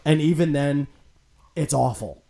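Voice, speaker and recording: A man chatting casually as a podcast co-host, animated, swearing freely and acting out quotes. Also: fairly high pitch, unhurried, vocal fry, a little hiss or hum. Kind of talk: casual chat.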